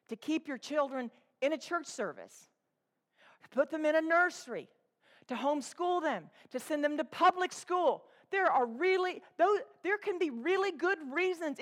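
A woman's voice: sits high, a bit bright. A woman preacher delivering a sermon to a congregation, speaking with passion and repeating phrases for emphasis, and reading scripture aloud.

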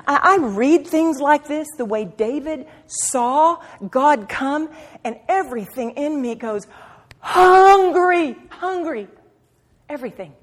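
A fairly high-voiced woman preaches with passion, dropping to quiet asides and then rising to ringing cries. She hammers home her points by repeating phrases. Her voice carries a long reverb, recorded in a church hall. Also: slightly rough. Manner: impassioned, swinging from soft to loud. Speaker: preacher at a women's meeting. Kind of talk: sermon.

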